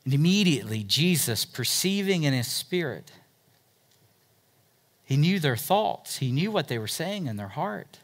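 A man, a pastor, preaching a sermon verse by verse, swinging between loud emphatic stretches and quiet, hushed asides. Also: on the high side, very animated, a little slow.

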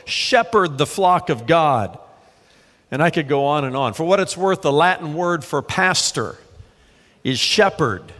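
A man preaching a sermon as pastor, measured and slowing down when he reads scripture. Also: fairly high pitch, fairly bright tone. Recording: long reverb of a large hall.

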